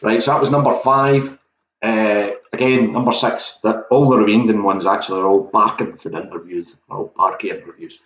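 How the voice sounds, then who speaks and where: Man hosting a pub quiz, low voice, chatty and self-mocking, muffled echoey room. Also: fairly even intonation, normal speed, fairly bright tone. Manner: chatty, self-mocking, talks to viewers directly.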